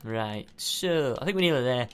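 A man's voice: mid-range voice, animated, normal speed, a bit bright, clear, resonant tone. A man playing a video game with a friend, joking and chatting casually. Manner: joking, playful. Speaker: gamer. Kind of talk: casual let's-play chat.

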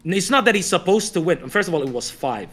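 A man's voice: sits high, very animated, brisk, fairly bright tone. A man co-hosting a talk show, pushing his point in a heated casual debate and swearing often. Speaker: co-host.

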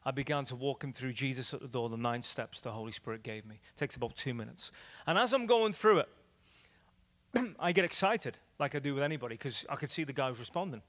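A man with an Irish accent, an evangelist from Ireland, teaching and telling stories in an animated, repetitive preaching style that rises and drops in loudness. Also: mid-range voice, brisk. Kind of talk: evangelistic teaching talk with storytelling. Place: church hall. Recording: long hall reverb.

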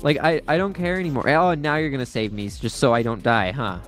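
A man's voice: mid-range voice, fast talker, soft background music. A young man giving frustrated, exasperated commentary while playing a game, with repeated outbursts and complaints. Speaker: gaming streamer. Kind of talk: raging gameplay commentary.

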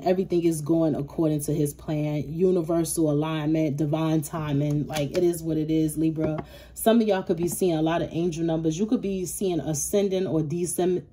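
A woman doing a casual tarot reading to camera, animated and profane, with speech and frequent laughing asides. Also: fairly low pitch, a little hiss or hum. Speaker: tarot reader.

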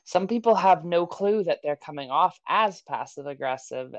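A woman from Canada with a slightly low voice, talking casually on a podcast. She explains her points wryly and gives examples. The recording is dry and close. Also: moderate pace, few pauses, no echo. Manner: wry, explanatory, acts out example lines. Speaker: podcast co-host. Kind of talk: casual chat.

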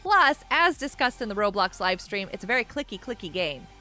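A woman's voice: medium pitch, very animated, a little fast, sharp tone. A woman live streamer chatting casually with her viewers, giggling often and reading the chat aloud. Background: faint music.

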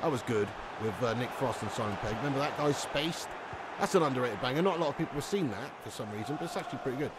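A streamer with a medium-pitched, animated voice talks very fast over a very noisy background. He's watching football live, reading chat, cursing and laughing as he banters casually with his audience.

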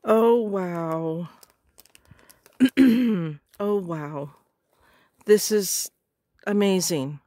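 A woman's voice: on the low side, very slow, pauses often, mellow, dry recording. A woman crafter unboxing a package in a casual vlog, gushing with gasps and exclamations. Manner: gushing, gasping, frequent exclamations. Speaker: crafter on a design team.

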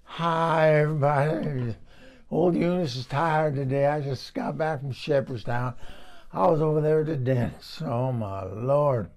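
A man doing a gravelly old gal. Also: a little high, a little slow, a little mellow. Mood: gossipy. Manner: rambling, exclamatory, gossipy. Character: chatty old Southern woman in a trailer. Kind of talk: comic character monologue.

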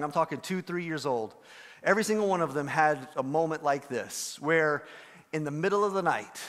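A man's voice: a little high, fairly bright tone, long reverb tail. A male pastor preaching a sermon, earnest and emphatic, repeating phrases for stress.

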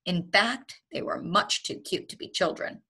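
Brief: woman teacher, children's read-aloud, breathy and expressive. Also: on the low side, measured pace. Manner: lively and expressive, with chuckles. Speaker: teacher reading to her students.

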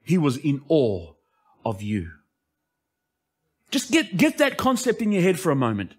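A male pastor preaching an impassioned sermon that swings between emphatic lines and hushed asides. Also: fairly high pitch, huge pitch swings, a little slow, breathy edge.

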